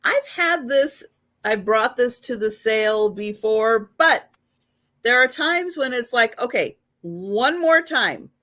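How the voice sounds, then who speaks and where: A woman co-hosting and selling on a live stream, chatting casually in an unhurried, matter-of-fact way. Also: fairly high pitch, expressive, bright, forceful tone. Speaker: co-host and seller. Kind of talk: casual livestream chat.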